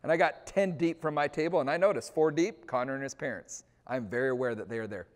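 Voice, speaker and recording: A man's voice: medium pitch, quick pace. A middle-aged man leading a teacher training. He tells a personal story with animation and acts out the scenes. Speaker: staff trainer. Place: school hall or gym. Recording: long reverb of a large hall.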